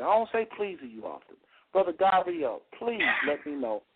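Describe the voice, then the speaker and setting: A man's voice: high voice, very animated, normal speed, breathy edge. A man hosting a heated call-in radio debate, cutting in and repeating his questions insistently. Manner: insistent, repeats himself to interrupt. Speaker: radio show host. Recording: tinny phone-line radio audio.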